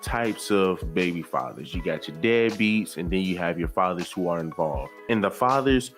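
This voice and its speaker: A man hosting a casual commentary video, talking in a relaxed, conversational way and repeating words for emphasis. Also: deep voice, normal speed, faint music behind. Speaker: YouTube commentary host.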